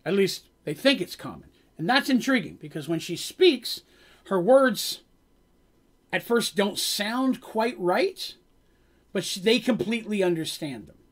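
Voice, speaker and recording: A man's voice: high voice, animated, measured pace. A man as game master, casually recapping his tabletop game on a stream, rambling a bit and laughing as he goes.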